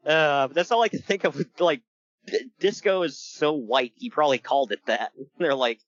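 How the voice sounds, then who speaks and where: A man's voice: fairly high pitch, normal speed, pauses often, no room sound, highs cut off. A man co-hosting a casual podcast, joking and laughing as he recaps a wrestling show. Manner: joking, animated, laughs often. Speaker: podcast co-host.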